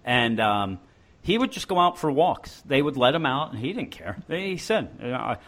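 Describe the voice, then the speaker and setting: A man's voice: medium pitch, very animated, normal speed, a bit bright. A man hosting a podcast, riffing in rambling, profane, joking banter. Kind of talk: casual comedic banter.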